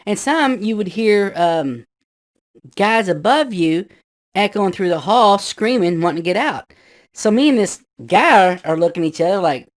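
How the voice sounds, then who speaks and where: A man's voice: sits high, animated, moderate pace. Rambling middle-aged man telling a ghost story. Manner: rambling, full of "you know" asides, acts out shouted quotes. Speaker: guest storyteller. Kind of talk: casual spoken ghost story.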